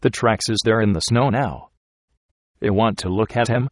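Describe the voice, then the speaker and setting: A man's voice: fairly low pitch, normal speed, dry recording, clean studio sound, close to an everyday voice. A man doing uneasy backwoods trail driver. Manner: rough backwoods dialect, grave and insistent. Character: weary male frontier trail driver, uneasy.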